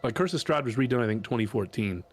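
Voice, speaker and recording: A man's voice: medium pitch, animated, fast, dry recording, faint music behind. A man playing a tabletop game, chiming in with laid-back asides in casual table chat. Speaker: player.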